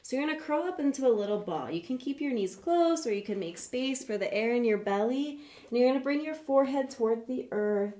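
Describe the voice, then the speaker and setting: A woman leading a live online yoga class for kids, gentle, encouraging and playful as she talks through each pose. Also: sits high, lively intonation, a little fast, reverberant. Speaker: yoga teacher for children.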